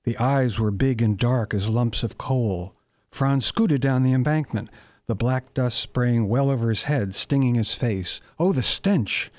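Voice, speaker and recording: A man, the author, reading his own novel aloud in a measured, deliberate way. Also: medium pitch, darkish tone, no echo.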